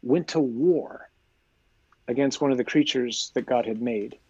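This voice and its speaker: Husky-voiced priest teaching animatedly. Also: male voice, mid-range voice, a little slow, dry recording, highs cut off. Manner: animated storyteller, rhetorical questions. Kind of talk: conversational teaching.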